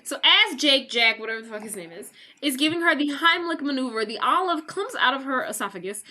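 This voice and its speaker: A woman podcast co-host casually recapping a movie plot, animated and full of swearing. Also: high voice, brisk. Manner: animated retelling with acted quotes, swearing.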